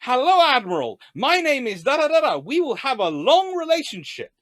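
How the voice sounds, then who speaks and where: A man's voice: very high voice, big pitch swings, moderate pace, a bit bright, no echo, voice pushed up, heavily acted. Brief: stiff, pompous male minister, formal and repetitive, as a lecturer puts him on, in a dry, close sound. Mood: stiffly formal. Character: pompous male government minister, formulaic greeter.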